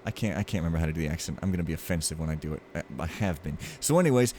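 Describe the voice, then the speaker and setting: A man's voice: very deep voice, lively intonation, rapid-fire, darkish tone, slight background noise. A man casually commenting on a game as he plays, rambling and jokey with lots of filler. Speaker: let's play host.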